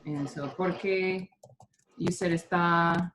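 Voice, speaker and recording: Woman, Spanish teacher, lowish voice, patient explainer, faint background noise. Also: fairly even intonation, slow pace, fairly bright tone. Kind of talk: online Spanish class.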